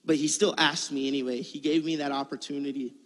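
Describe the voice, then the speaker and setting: A man's voice: medium pitch, steady tone, fast talker, long reverb tail. A man giving a conversational sermon, telling a personal story in a casual, earnest way. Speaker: preacher.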